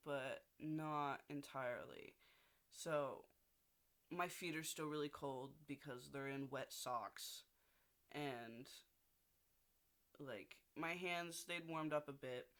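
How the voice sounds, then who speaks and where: A man's voice: fairly high pitch, takes it slowly, bright, forceful tone, clear, resonant tone. A young man ranting casually in a video diary, swearing often and rambling with restarts. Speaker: video diarist.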